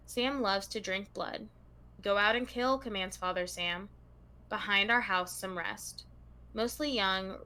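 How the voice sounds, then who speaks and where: Bright-voiced woman podcast host. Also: mid-range voice. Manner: reads long passages aloud to a co-host in a casual tone. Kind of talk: true crime podcast chat.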